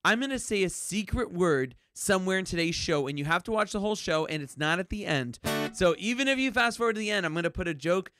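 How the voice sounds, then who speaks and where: A man's voice: high-pitched, expressive, quick pace. A man hosting a children's music show in a goofy, cheerful, upbeat way. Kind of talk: playful kids' show hosting.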